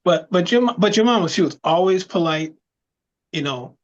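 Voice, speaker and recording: High-voiced man telling animated stories. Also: normal speed, muffled recording, a crowd in the background. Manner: storytelling, animated, laughs often. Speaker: podcast co-host. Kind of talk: casual chat.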